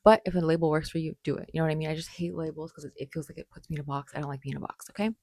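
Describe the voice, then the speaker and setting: A woman's voice: low voice, steady tone, rapid-fire, darkish tone, no echo. Rambling bubbly woman in her late twenties. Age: late 20s. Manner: rambling, bubbly, with many fillers. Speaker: vlogger. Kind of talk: casual talk to camera.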